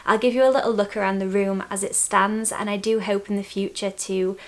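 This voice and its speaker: A young woman vlogging from her bedroom at home, chatting candidly to camera and laughing softly between thoughts. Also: mid-range voice, steady tone, a little fast. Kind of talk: casual chat to camera.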